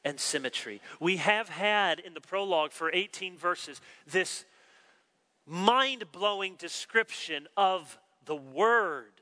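A man preaches with a bright, ringing voice that sits a little high, and the long echo of a large hall trails after each phrase. He delivers the sermon with animation, playing out the quoted exchanges in his story. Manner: animated, acts out quoted dialogue. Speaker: pastor.

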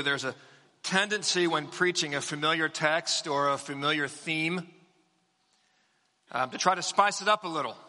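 Bright-voiced pastor preaching in a reverberant church. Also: male voice, fairly high pitch. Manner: measured, emphatic preaching with repetition. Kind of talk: sermon. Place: church sanctuary.

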